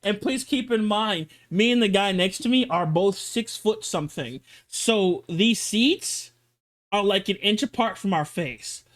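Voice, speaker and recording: A man streaming, chatting casually and telling a story in an animated, exaggerated way with some swearing. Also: high-pitched, measured pace.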